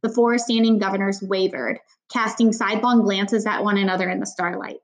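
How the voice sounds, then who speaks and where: A woman's voice: mid-range voice, fairly even intonation, brisk, few pauses. A woman reading a novel aloud in a plain voice, stopping now and then for casual asides, with small slips in her reading. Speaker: audiobook reader.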